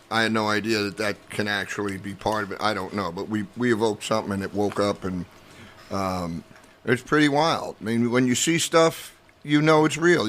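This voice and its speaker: Deep-voiced man telling a slow story. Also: fairly bright tone. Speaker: podcast guest. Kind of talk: casual chat. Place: comedy club room.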